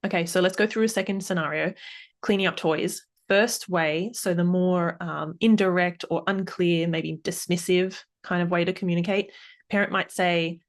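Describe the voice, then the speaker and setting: A woman's voice: lowish voice, fairly even intonation, moderate pace. A woman in her thirties hosting a solo parenting podcast, upbeat, laughing often and acting out examples. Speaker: podcast host and parenting coach.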